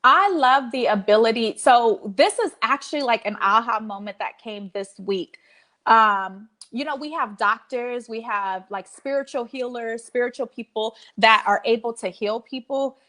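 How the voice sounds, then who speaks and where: Emphatic preacherly woman with a higher voice. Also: normal speed, fairly bright tone. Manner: emphatic, preacherly, repeats phrases. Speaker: podcast guest, life coach. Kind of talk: casual heartfelt interview talk.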